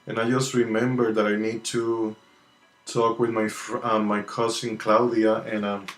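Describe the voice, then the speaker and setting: Greeting his viewers individually, a tarot reader casually chats while hosting a live card reading. His voice is lowish and level, a touch slow, and the roomy audio carries soft relaxing music in the background.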